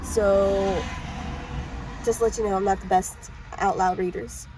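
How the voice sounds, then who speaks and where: A woman giving a casual book summary and then reading aloud, halting and mumbly, with frequent coughs and restarts. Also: mid-range voice, steady tone, warm tone, slight background noise, poor audio. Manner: mumbly, self-described. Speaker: amateur reader.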